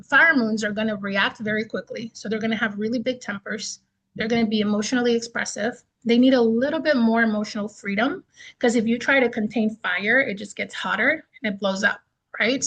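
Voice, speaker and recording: A woman teaching a beginner astrology class in a chatty, expressive way, often checking in with "right?". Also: fairly high pitch, low-quality recording. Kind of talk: casual class lecture.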